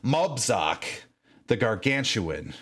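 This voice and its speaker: A man narrating as game master of a tabletop game, measured and dramatic, with frequent fillers. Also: mid-range voice, sing-song, fairly bright tone.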